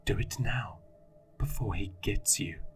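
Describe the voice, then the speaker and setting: A man performs a sinister spirit in a horror story that hisses every threat in a slow, mocking whisper. It sounds low and close, menace dragged out across every word. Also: fairly even intonation, soft background music. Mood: taunting. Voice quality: hissing whisper. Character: sinister whispering male spirit, taunting and cruel.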